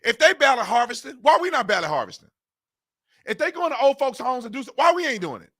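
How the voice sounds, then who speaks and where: A man with a notably high, bright voice rants on his own commentary channel. He hammers the same rhetorical questions again and again in loose, informal speech, his pitch rising and falling in lively swings as his exasperation shows. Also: quick pace. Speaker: political commentary channel host. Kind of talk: ranting political commentary.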